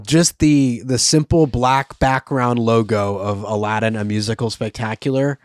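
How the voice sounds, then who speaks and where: A man co-hosting a casual podcast, giving easygoing, measured opinions. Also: medium pitch, fairly even intonation, dry recording, studio quality. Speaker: podcast co-host.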